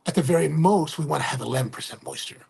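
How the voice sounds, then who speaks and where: A man's voice: on the high side, fast, vocal fry, a little mellow, a little hiss or hum. A middle-aged man hosting a casual livestream, rambling and correcting himself as he talks, often checking in with "right?". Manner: rambling, self-correcting, keeps asking "right?". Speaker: livestream host and coffee retailer.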